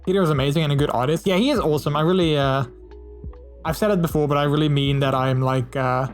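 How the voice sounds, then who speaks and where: A man's voice: a little high, fast, faint music behind. A man streaming casually, reading out viewer messages and chatting in a friendly way, with many fillers and restarts.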